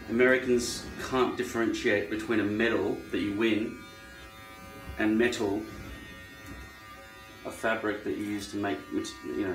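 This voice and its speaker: Wry rambling Australian man. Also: lowish voice. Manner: rambling, wry, musing aloud. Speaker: vlogger. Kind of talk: casual monologue while trimming hair. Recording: echoey room, faint music. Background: electric trimmer buzzing.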